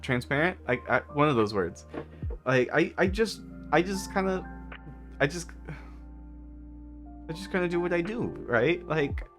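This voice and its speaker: A man's voice: on the high side, a bit bright. A man streaming from a parked car, chatting casually with viewers, giggling often and rambling. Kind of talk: casual live-stream chat.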